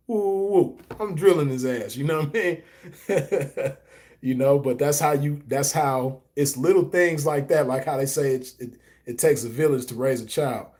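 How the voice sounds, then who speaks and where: A man's voice: medium pitch, moderate pace, darkish tone. A man hosting a stream, telling a story in a loose casual monologue and answering chat, with lots of "you know what I mean" fillers. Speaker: host reading chat comments.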